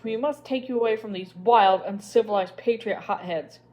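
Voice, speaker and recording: A woman's voice: mid-range voice, normal speed, dull audio, slight background noise, close to an everyday voice. A woman reader voicing a haughty, condescending English lady in a storybook. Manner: condescending, mocking.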